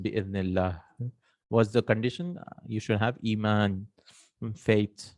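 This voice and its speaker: Man, Arabic grammar teacher, step-by-step explaining, checks in with "right?", mid pitch, dry close sound. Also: no echo. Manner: explains step by step, mixing Arabic terms into English, asks the listener "right?". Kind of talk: online grammar lesson.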